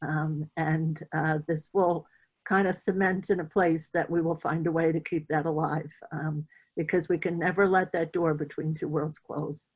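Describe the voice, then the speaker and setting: A woman guest on a video call speaking haltingly with many pauses and fillers about her fundraising project. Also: low-pitched, flat delivery, breathy edge, low-quality recording. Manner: halting, with many ums and uhs.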